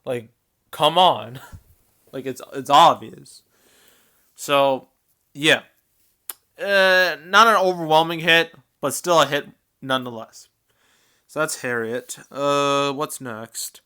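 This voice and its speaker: A movie box office commentator with a bright, crisp, smooth, slightly high male voice gives casual commentary on film earnings. He speaks slowly with long pauses, sounds animated and chatty, laughs often, and sometimes trails off into fillers.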